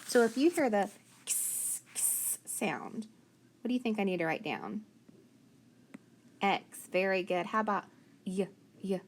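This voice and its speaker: A woman's voice: mid-range voice, expressive, normal speed, long pauses, a little hiss or hum. A woman teacher giving a phonics lesson, sounding out letters one by one and praising each answer.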